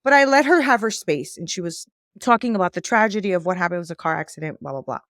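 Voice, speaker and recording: A woman life coach as a podcast guest, telling stories in a lively way and acting out the dialogue. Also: lowish voice, fast talker, no echo, studio quality. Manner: animated storytelling, acts out quoted dialogue. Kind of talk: conversational interview.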